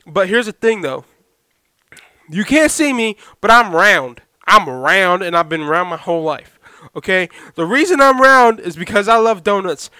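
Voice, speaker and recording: A young man hosting a solo podcast, talking loudly to listeners on a badly set microphone and checking in with "okay?" and "all right?" again and again. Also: sits high, clean tone, no room sound, clean studio sound. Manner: loud, talks to listeners with repeated "okay?". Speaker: podcast host. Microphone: poorly set podcast microphone.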